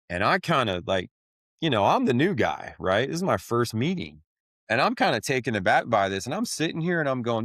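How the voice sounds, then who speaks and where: A man's voice: mid-range voice, lively intonation, a little fast, a bit bright, no room sound, clean studio sound. A man telling his own story on a podcast, candid and blunt, swearing casually and calling people "man.". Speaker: podcast host sharing his testimony.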